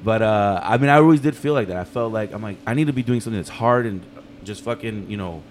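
A man, a chef and restaurant owner, telling a story in casual talk, animated and profane, acting out the people in it. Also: lowish voice, fast talker, slight background noise. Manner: animated, profane, acts out quotes in his story.

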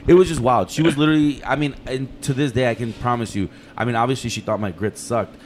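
A fast-talking man tells a story from his kitchen days in loose, profane podcast chat. He acts out every voice in the tale with lively energy. A faint hum of room ambience sits under his voice. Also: mid-range voice. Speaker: chef and restaurant owner.

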